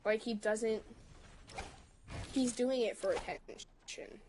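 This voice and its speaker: Woman rapidly recounting an argument. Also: on the high side, noisy background. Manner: retells text arguments quickly, quoting both sides. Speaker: livestream host. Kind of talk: casual storytelling on a livestream.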